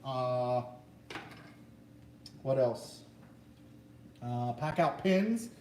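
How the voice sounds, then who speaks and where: A man's voice: medium pitch, expressive, very slow, a little mellow. Joking man hosting from across a room. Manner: goofy, joking banter. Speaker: host. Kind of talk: casual chat. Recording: echoey room, mic far off, faint noise.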